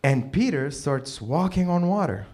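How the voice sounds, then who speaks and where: Animated, foul-mouthed stand-up comedian man. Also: a little high, a little slow. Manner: animated, profane storytelling with bursts of yelling. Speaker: open mic comedian. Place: small comedy venue stage.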